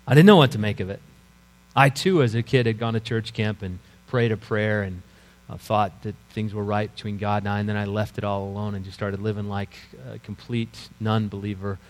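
A middle-aged man, a pastor, telling his conversion story in an earnest sermon, often dropping to a quiet, low voice. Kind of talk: sermon testimony. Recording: echoey hall with mains hum.

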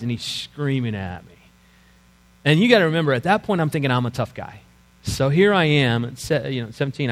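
A middle-aged man, a pastor, telling his conversion story in an earnest sermon, often dropping to a quiet, low voice. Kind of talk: sermon testimony. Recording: echoey hall with mains hum.

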